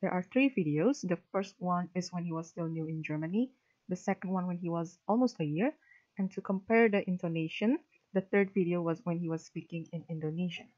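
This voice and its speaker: A woman presenting linguistics research, reading a prepared academic talk in a steady, formal way with a few fillers. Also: fairly low pitch, fairly quick. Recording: dull lo-fi recording.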